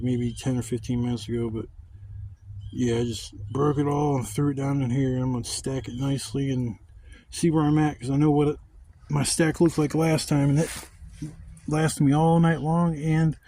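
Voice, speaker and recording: A man's voice: mid-range voice, warm tone. A man chatting casually outdoors at his woodland campsite, rambling and swearing freely as he vlogs. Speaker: camping vlogger. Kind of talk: casual chat.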